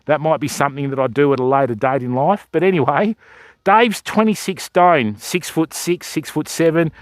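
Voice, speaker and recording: A man's voice: on the high side, normal speed, no echo, clean studio sound. A middle-aged man with an Australian accent, chatting casually and joking with viewers on a livestream. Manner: laid-back, joking, chatty. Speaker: fishing livestreamer.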